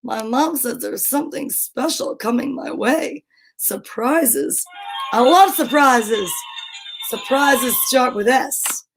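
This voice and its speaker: A middle-aged woman with a New Jersey accent, hosting a cheerful kids' show. Her voice sits high and bright, and she chats playfully with a sing-song lift in her greetings. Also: slow, faint music behind, low-quality recording. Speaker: children's show host. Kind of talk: cheerful live-stream chat for kids.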